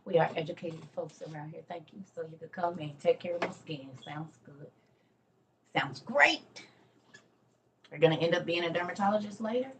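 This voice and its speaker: A woman's voice: fairly low pitch, steady tone, fast talker, few pauses, darkish tone, slight background noise, poor audio. A middle-aged woman, chatting casually with viewers on a morning livestream from home, calling them y'all. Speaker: livestream host. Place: home room.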